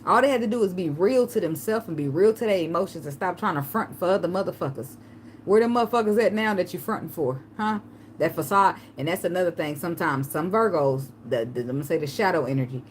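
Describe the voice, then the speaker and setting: A woman tarot reader giving casual spiritual advice, telling a personal story and breaking into a high pleading voice to act out begging. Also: fast, a little hiss or hum. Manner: animated storytelling, acts out begging in a high pleading voice, laughs often.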